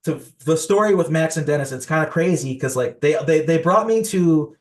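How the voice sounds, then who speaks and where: A man's voice: on the high side, brisk. A young man from the United States, a podcast guest, telling conspiracy stories in a rambling way, full of fillers and restarts. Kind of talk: casual conspiracy storytelling.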